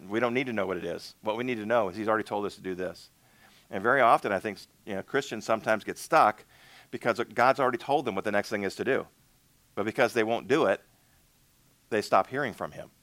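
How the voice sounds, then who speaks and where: A man's voice: lowish voice, brisk, fairly bright tone, no echo. A male minister preaching a conversational sermon, acting out little dialogues with God.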